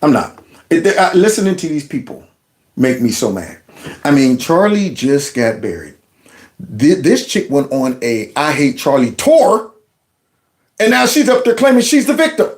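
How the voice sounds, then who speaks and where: A man's voice: a little high, very animated, moderate pace. A middle-aged man, ranting and mocking as he comments on political clips. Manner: heated, mocking, mimics voices.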